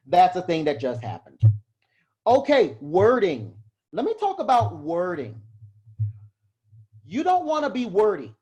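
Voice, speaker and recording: A man teaches a live class in a relaxed, chatty lecture, often poking fun at himself and laughing along with the room. His pitch swings widely as he talks. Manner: chatty, self-deprecating, quick to laugh. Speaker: heraldry class instructor.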